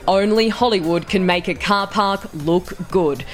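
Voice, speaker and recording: A woman's voice: mid-range voice, measured pace, faint music behind. A woman narrating an entertainment news report in a playful, polished way. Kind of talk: scripted news report voice-over.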